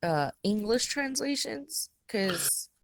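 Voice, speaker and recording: Slow-talking woman, dry close sound. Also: medium pitch, very animated, no echo. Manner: unhurried, halting, searches for words, laughs easily. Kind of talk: casual chat.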